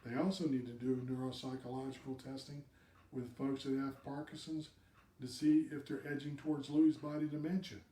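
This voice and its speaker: A man's voice: mid-range voice, flat delivery, brisk, warm tone, roomy sound, far from the mic. A man hosting a live video cast, giving direct advice to viewers and repeating words for emphasis.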